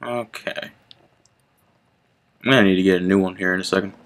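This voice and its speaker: A young man hosting his gaming channel, chatting casually and reacting out loud to the game as he plays. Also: deep voice, fairly even intonation, brisk. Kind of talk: casual gameplay commentary.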